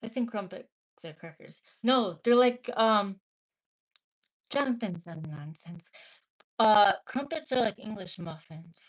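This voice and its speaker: A woman's voice: medium pitch, unhurried, hardly any pauses. A woman from the Midwest hosting a casual livestream, reading viewer comments aloud and talking back bluntly, with swearing. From American Midwest. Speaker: livestream host.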